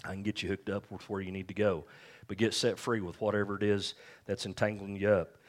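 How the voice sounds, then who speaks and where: A man's voice: lowish voice, little pitch movement, brisk. A male pastor preaching a sermon in a conversational way, often checking in with the congregation. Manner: conversational preaching, frequent "all right?" check-ins.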